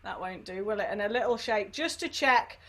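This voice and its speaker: A woman leading an online sing-along warm-up over a computer microphone, chatty and encouraging, with playful asides. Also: medium pitch, animated, fairly quick. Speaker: singing workshop leader.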